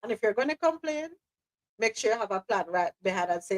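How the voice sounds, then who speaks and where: A woman's voice: medium pitch, animated, brisk, low-quality recording. A woman hosting a live news podcast, speaking passionately and repeating phrases for emphasis. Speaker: host.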